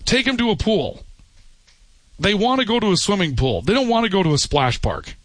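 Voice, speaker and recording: A man hosts a call-in radio show in a bright, forceful voice. He argues his points emphatically and circles back to repeat them. The sound is dry and close. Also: high voice, very animated, fairly quick, no room sound. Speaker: radio talk show host.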